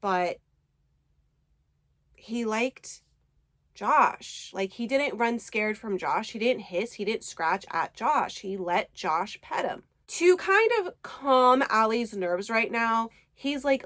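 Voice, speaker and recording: A woman's voice: fairly high pitch, animated, slow, a bit bright. A woman casually recapping a book to her viewers, chatty and enthusiastic, with the odd swear word. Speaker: book reviewer.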